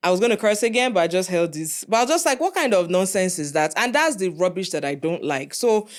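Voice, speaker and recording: Animated Nigerian woman storyteller. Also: lowish voice, fast. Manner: animated storyteller, acts out voices. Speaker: podcast co-host. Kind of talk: casual chat.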